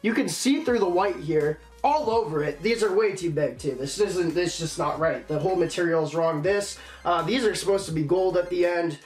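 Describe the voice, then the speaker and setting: A man's voice: a little high, moderate pace, few pauses, a little mellow, roomy sound, soft background music. A young man vlogging casually, frustrated and ranting, often apologizing to viewers. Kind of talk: casual unboxing vlog.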